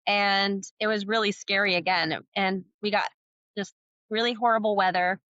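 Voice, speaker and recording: A woman's voice: medium pitch, fairly even intonation, moderate pace, bright, forceful tone, no room sound, highs cut off. A middle-aged woman, a sailor and author, telling her story as a podcast guest and acting out the dialogue.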